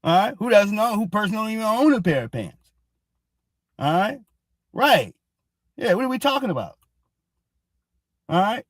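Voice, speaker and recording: A man's voice: sits high, big pitch swings, normal speed, pauses often, no room sound, clean studio sound. A man hosting a ranting commentary show, heated and mocking, cursing and repeating "all right?" again and again. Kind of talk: ranting commentary on social media posts.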